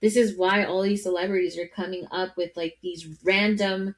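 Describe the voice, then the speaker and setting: A woman's voice: fairly low pitch, little pitch movement, moderate pace. A woman co-hosting a podcast in casual chat, talking with lots of fillers and often overlapping her co-host.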